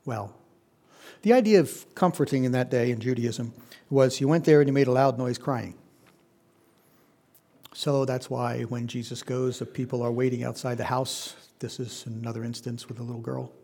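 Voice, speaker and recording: A man's voice: mid-range voice, fairly even intonation, normal speed, dark tone. A man preaching a conversational Bible-teaching sermon, putting questions to his listeners. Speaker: pastor.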